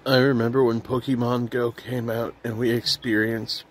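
A man hosting a rambling comedy vlog, with goofy asides and some soft, quiet remarks. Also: medium pitch, little pitch movement, moderate pace, a little hiss or hum. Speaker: comedy vlogger.

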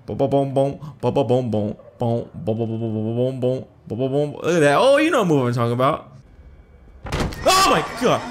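A man casually commenting while playing a horror game, jumpy and excitable, cursing freely and thinking out loud. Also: mid-range voice, slight background noise. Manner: jumpy, excitable, swears a lot. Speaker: gaming video host. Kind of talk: casual let's-play commentary.

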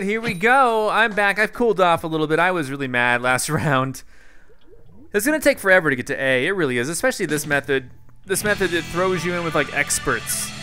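A young man giving casual live commentary on his own gameplay, excitable and quick to break into loud frustration. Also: on the high side, clear, resonant tone. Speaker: gaming YouTuber.

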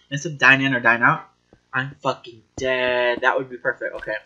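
Excitable, swearing gameplay commentator man. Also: medium pitch, moderate pace, poor audio. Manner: excitable, giggly and foul-mouthed. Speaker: gaming channel host.

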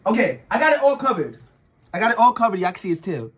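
A man's voice: high voice, expressive, quick pace, fairly bright tone, breathy edge. A nervous young man vlogging casually, insisting he isn't scared and yelping now and then. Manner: jittery, keeps insisting he isn't scared, yelps.

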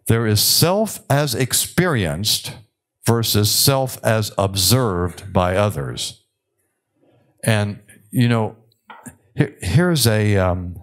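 Low-voiced man lecturing wryly. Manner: conversational, wry, many filler pauses. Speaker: psychiatrist giving a conference lecture. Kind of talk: conference lecture.

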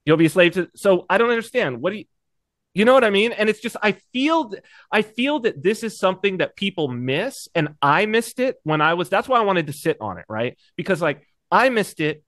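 A podcast co-host with a high voice that swings widely as he talks. He jumps in eagerly and stammers through restarts, recorded dry and close with no room sound. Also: very animated, a little fast, fairly bright tone, no echo. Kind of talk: casual conversational chat.

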